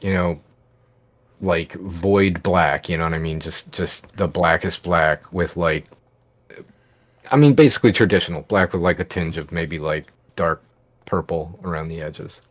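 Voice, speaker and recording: A man's voice: low voice, unhurried. A man playing a tabletop game, casual and rambling as he thinks aloud. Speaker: player.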